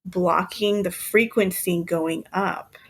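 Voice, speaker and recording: A woman's voice: on the low side, fairly even intonation, slow pace, breathy edge. Chatty woman podcast co-host. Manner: chatty, laughs often while recounting. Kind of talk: casual chat.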